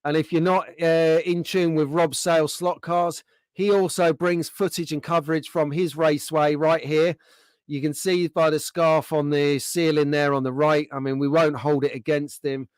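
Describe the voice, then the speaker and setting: A man's voice: fairly high pitch, little pitch movement, normal speed, smooth, dry recording. A man hosting a casual livestream, chatting in a friendly way and reading out viewer comments. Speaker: livestream host.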